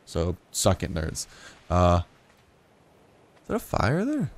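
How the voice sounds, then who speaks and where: This young gaming YouTuber's voice sits low and he speaks at a slow pace. His commentary on the gameplay is casual and full of jokes, wandering through asides before breaking into excited outbursts.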